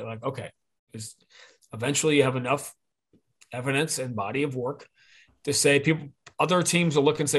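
A man's voice: medium pitch, steady tone, a little fast, pauses often, slightly rough. A man talking as a podcast guest, rambling and opinionated, often correcting himself mid-sentence. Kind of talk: casual podcast conversation.

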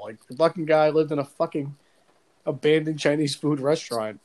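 With a slightly high voice at normal speed, a man in his 40s chats on a podcast, telling stories full of swearing and laughing at his own jokes as an animated storyteller. The audio is poor.

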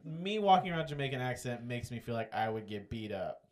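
A man co-hosting a podcast, joking through casual chat. His pitch swings widely and he laughs often. He keeps the banter moving. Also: a little fast. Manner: animated, joking, laughs a lot.

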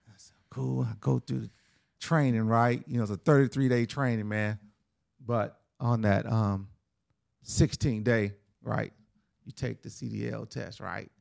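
A man's voice: fairly low pitch, steady tone, normal speed, creaky, darkish tone, dry recording, studio quality. A middle-aged man telling a personal story in a casual, conversational way, often tagging lines with "right?" and "man".

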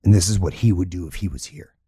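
A man voicing a grim male survivor who speaks in a low, measured, pleading way in a tabletop game. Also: mellow, breathy edge, dry recording, studio quality, heavily acted.

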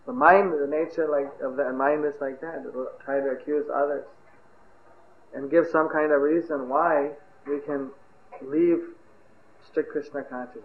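A man's voice: a little high, moderate pace, slight background noise. Man preaching over a tinny, echoey recording. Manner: animated storyteller, shouts out characters' cries. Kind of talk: sermon with storytelling.

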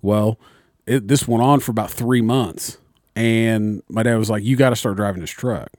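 A man's voice: fairly low pitch, moderate pace, darkish tone, dry recording, studio quality. A young man, a little tipsy, telling a long profane story in casual chat. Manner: rambling, profane storyteller, acts out voices. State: slightly tipsy.

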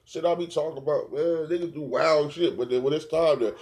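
A man's voice: on the high side, brisk, a little mellow. A man hosting a podcast, ranting in a brash, profane, trash-talking way with lots of repeated slang. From South Jersey. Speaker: podcast host. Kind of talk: profane solo podcast rant.

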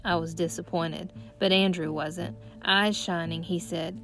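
A woman's voice: fairly low pitch, fairly even intonation, measured pace, hardly any pauses, fairly bright tone. Woman narrating an audiobook over music. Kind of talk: scripted first-person narration.

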